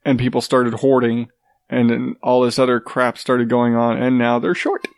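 A man's voice: medium pitch, steady tone, moderate pace, no echo, clean studio sound. Stuffy-nosed man ranting casually. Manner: rambling, sarcastic, swears freely. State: congested, stuffy nose. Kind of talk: casual profane chat.

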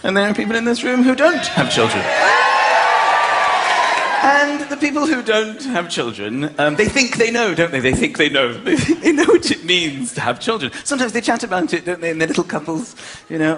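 A man giving an animated comic talk to a live audience, shouting out impressions. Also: high-pitched, a little fast. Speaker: marriage counsellor speaker. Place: large room with a live audience. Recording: live talk, loud audience laughter and noise.

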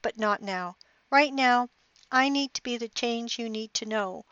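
A woman voicing a patient, gentle husband who speaks in a calm, earnest way in a story she tells on her podcast. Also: a little high, unhurried, no echo. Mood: tender. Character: patient, gentle husband, middle-aged man. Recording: dull lo-fi podcast audio.

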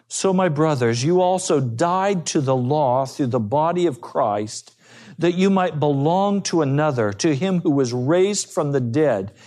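Male pastor, sermon, high voice, slow deliberate pace, earnest storytelling. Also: a little mellow. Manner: slow, earnest preaching with acted-out quotes.

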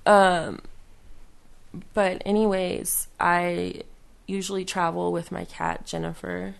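Slow, gravelly-voiced woman. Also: on the low side, level tone. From western United States. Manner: rambling, halting, many fillers and restarts. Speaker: podcast guest. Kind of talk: casual conversation.

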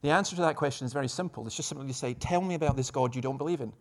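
A man's voice: mid-range voice, racing, slight background noise. A middle-aged man giving a conference talk on evangelism, telling stories with humorous asides and often restarting phrases. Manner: lively storytelling with humorous asides; repeats words while restarting phrases. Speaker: preacher and evangelist.

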